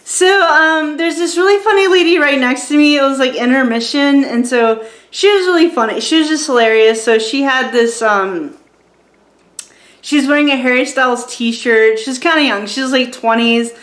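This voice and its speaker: A woman's voice: sits high, moderate pace, fairly bright tone. Chatty woman in her forties, roomy echo. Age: 40s. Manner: chatty and rambling, many fillers and restarts, laughs at her own stories. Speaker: vlogger reviewing a show. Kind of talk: casual storytelling.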